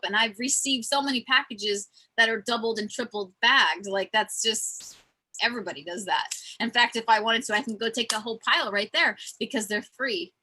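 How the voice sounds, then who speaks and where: A woman hosting a casual spiritual conversation, telling stories in an earnest, animated way. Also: a little high, normal speed, rough recording. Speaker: host.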